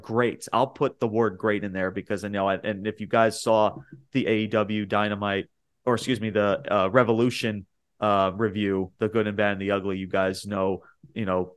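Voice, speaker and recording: Low-voiced excitable podcast host man. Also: smooth. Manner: animated, rambling, pitch jumps when worked up. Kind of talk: casual wrestling podcast chat.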